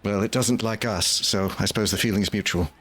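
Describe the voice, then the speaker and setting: A man's voice: fairly low pitch, fairly quick, fairly bright tone. A man playing a tabletop game, chatting casually and playfully in and out of character. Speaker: player.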